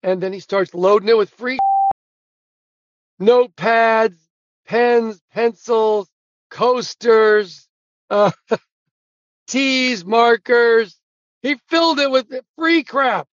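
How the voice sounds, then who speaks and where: A man's voice: extremely high pitch, slow, long pauses, no echo, dull audio. A man telling funny anecdotes as an interview guest, acting out other people's lines and laughing at his own punchlines. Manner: animated storyteller who acts out quotes and laughs at his own punchlines. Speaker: guest, sportswriter and author. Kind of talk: casual storytelling interview.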